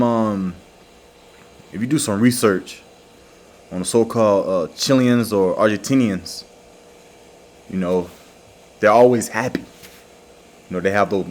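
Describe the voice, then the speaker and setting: A man giving an informal religious lesson, slowly repeating words and checking in with "all right" and "okay" after each point. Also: lowish voice. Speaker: religious teacher.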